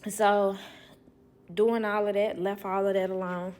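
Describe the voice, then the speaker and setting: A young woman who works as a nanny, telling a work story to viewers in a blunt, animated way. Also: mid-range voice, a little slow. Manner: blunt, animated, acts out others' lines.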